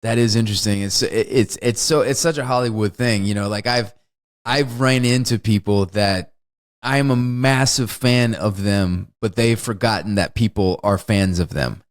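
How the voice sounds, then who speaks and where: A man's voice: fairly low pitch, normal speed. Man, podcast co-host, casual chat, rambling, swears a lot. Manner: relaxed, rambling, swears freely.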